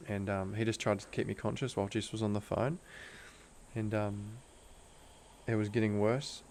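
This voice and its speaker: This young Australian podcast guest recounts a personal story with earnest intensity, peppering it with "like." His voice is lowish and a little mellow, his intonation fairly even, and his speed normal. It's a casual storytelling interview, and a faint hiss or hum sits in the background.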